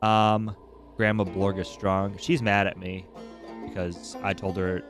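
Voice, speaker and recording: A man's voice: deep voice, takes it slowly, long pauses, faint music behind. A man streaming a video game, chatting casually in an irreverent, profane, rambling way while coming down with a cold. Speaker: gaming livestreamer. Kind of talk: casual chat while playing.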